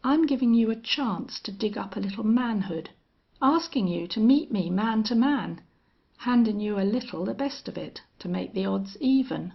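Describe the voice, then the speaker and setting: A steely old gunfighter, as a woman narrator puts him on, flat and cold, each threat unhurried. Her voice has a husky, gravelly edge, and the recording sounds muffled and lo-fi. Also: medium pitch. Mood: menacing. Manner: strange, monotonous, cold. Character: grim, steely older male gunfighter and hunter.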